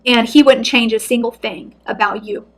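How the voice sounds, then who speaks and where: A woman giving a heartfelt intuitive card reading, speaking softly and earnestly, close to tears. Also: on the high side, normal speed. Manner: soft, earnest, emotional. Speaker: tarot reader.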